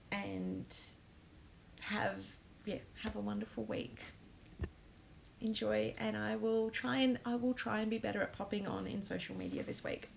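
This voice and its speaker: A woman's voice: mid-range voice, gravelly, slight background noise, low-quality recording. A woman hosting a live stream, chatting casually with viewers, full of ums and close to tears. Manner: emotional, many ums, talks to comments. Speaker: host of a planner live stream.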